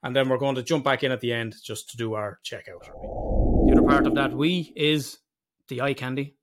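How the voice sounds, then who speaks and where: A man's voice: medium pitch, brisk, a little hiss or hum. A man co-hosting a podcast in casual chat, sweary and teasing, laughing often. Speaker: podcast co-host.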